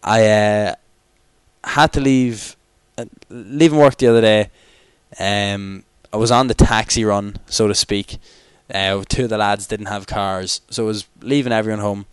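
A man's voice: on the low side, fairly even intonation, measured pace, clean tone, no echo, studio quality. A young man co-hosting a podcast in rambling, jokey, tired late-night chat. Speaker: podcast co-host. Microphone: external microphone.

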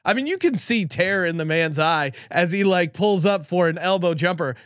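A man co-hosting a sports betting podcast, chatting quickly with laughing banter. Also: high-pitched, fairly bright tone, dry recording, clean studio sound. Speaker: podcast co-host.

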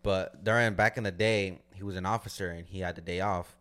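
Deep-voiced man telling stories casually. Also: steady tone, fairly quick, a bit bright. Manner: loose, profane storytelling with frequent "like" fillers. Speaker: podcast co-host. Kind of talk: casual storytelling chat.

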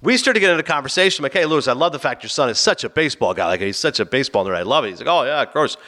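A man rattles through a casual podcast story at a fast clip, his pitch leaping all over as he acts out who said what. His voice is bright and forward, a touch above the usual man's pitch, and he trips into quick stammering restarts when excited. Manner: animated anecdote teller, acts out his own and others' quoted lines.

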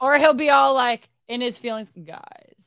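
Woman, podcast co-host, teasing, profane, bright lively voice, higher pitch. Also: creaky, smooth, no echo. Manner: teasing, swearing, quick quips. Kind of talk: casual podcast chat.

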